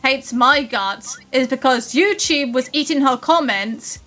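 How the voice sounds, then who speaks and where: A woman YouTube creator chatting casually, hesitant and full of pauses. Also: sits high, animated, bright, forceful tone. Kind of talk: casual podcast chat.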